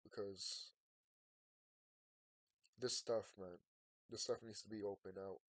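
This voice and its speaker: A man talking to his viewers in a rambling late-night monologue. He sounds sleepy and yawning, and he swings from quiet, tired musing to loud ranting. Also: on the low side, steady tone, slow pace, no echo, clean studio sound. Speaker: vlogger.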